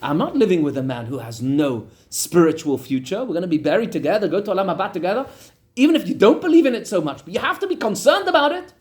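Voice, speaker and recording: A man putting on a high-pitched pleading wife. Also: big pitch swings, quick pace, a little mellow. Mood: urgent pleading. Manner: earnest, insistent. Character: pleading devout wife, middle-aged woman.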